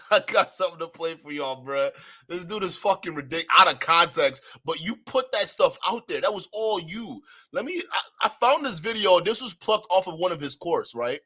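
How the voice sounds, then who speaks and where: A man's voice: high voice, lively intonation, moderate pace, pushed and bright. A man hosting a reaction video, mocking what he hears, swearing and talking straight to his chat. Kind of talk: casual reaction commentary.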